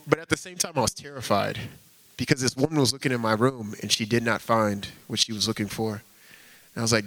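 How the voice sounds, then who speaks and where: A man's voice: medium pitch, a little fast, fairly bright tone, poor audio. A man preaching an informal sermon, earnest and conversational, often slipping in casual fillers as he talks.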